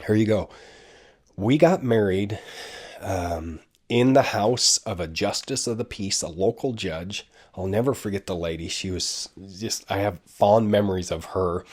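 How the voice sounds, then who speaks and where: Very deep-voiced man telling stories. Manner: rambling, self-deprecating storyteller with frequent asides. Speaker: podcast host. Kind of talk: casual storytelling.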